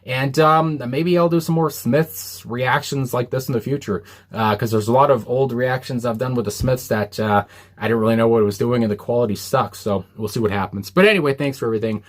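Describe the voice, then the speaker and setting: A man's voice: medium pitch, brisk. Rambling, earnest young man reviewing a song. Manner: rambling, earnest, fillers, quotes lyrics. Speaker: music reaction YouTuber. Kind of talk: casual reaction commentary. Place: small hot room indoors.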